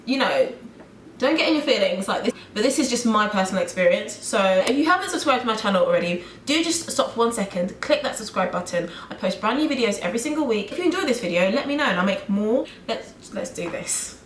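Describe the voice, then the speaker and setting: A young British woman from the UK vlogging, talking fast with an animated, exasperated tone. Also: on the high side, slight background noise. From United Kingdom. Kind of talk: ranting vlog. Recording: roomy room echo.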